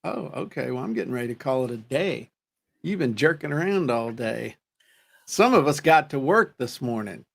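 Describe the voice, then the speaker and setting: A man's voice: medium pitch, lively intonation, normal speed, creaky. A man co-hosting a show, telling stories in a casual, joking chat. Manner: joking storyteller, self-deprecating. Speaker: co-host.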